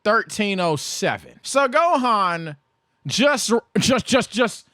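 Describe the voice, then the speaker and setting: A man reacting to an anime recap with casual, excitable and profane commentary, talking straight at the screen. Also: sits high, slow, no room sound, clean studio sound.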